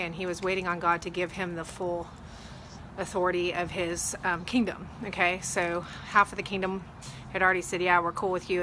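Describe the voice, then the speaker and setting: Uma mulher fala de forma descontraída para a câmera sobre liderança e fé, contando histórias com falas encenadas de um jeito animado. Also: female voice, lowish voice, a little hiss or hum. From Texas. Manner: chatty, animated retelling with acted quotes. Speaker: real estate agent vlogger. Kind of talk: casual faith talk to camera.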